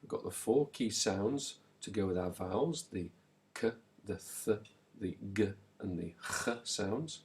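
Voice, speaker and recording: A man teaching a recorded language lesson, slowly and clearly modelling words and pausing so the listener can repeat them. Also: on the low side, lively intonation, a little mellow. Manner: slow, clear modelling of words with pauses for repetition.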